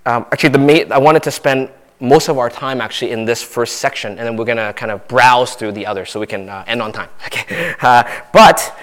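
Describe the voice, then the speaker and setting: A man's voice: mid-range voice, a little fast, a bit bright. A man preaching a sermon in a conversational way, often restarting and asking "right?". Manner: conversational, many restarts and tag questions. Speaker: pastor.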